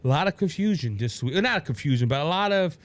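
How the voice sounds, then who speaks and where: A man with a Cajun accent hosting his own political podcast, talking in a rambling, animated way with many restarts and asides to "ladies and gentlemen.". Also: a little high, brisk, dry recording. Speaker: podcast host. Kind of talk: solo political commentary.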